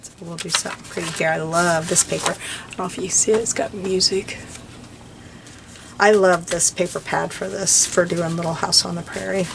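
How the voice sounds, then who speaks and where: A woman's voice: lowish voice, fairly even intonation, normal speed, vocal fry, noisy background. An older woman chatting casually and rambling as she works on a craft journal, laughing lightly now and then. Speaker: crafting vlogger. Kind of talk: casual chat while crafting.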